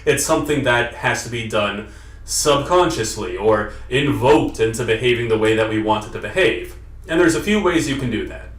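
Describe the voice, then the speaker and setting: A man's voice: medium pitch, animated, normal speed, roomy sound, far from the mic. A man explaining and demonstrating how to fix a nasal voice in an instructional vlog. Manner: explanatory, demonstrates vocal sounds. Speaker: voice coach.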